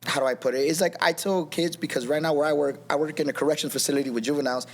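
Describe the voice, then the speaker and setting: Fast-talking man telling his story. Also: on the high side, steady tone, slight background noise. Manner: rambling, many restarts and "you know what I mean". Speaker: podcast guest. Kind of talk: testimony in casual conversation.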